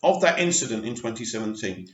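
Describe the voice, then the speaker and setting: A man's voice: on the low side, big pitch swings, fast, muffled recording. Chatty man in his forties, roomy sound. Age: 40s. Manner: chatty asides, stumbles and restarts while reading. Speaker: movie news vlogger. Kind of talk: reading and commenting on an article.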